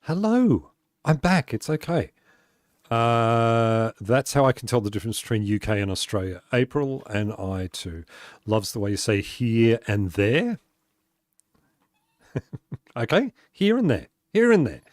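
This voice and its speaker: A man's voice: mid-range voice, sing-song, a little slow, pauses often, no room sound, clean studio sound. A man streaming a building game, chatting casually, laughing often and answering his chat aloud as he plays. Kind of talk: casual live-stream chat while playing.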